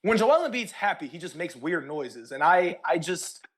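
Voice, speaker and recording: A young man hosting a casual podcast, reading listener questions aloud in an animated, laughing way. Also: sits high, moderate pace, breathy edge. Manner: animated, laughing, mimics yelling. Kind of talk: casual chat.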